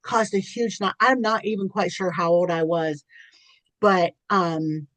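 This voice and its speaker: Middle-aged female guest; earnest, rambling storyteller with a low-set voice. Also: steady tone, measured pace, a bit bright, no echo. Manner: earnest and chatty, with frequent restarts. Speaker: podcast guest. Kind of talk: candid personal storytelling.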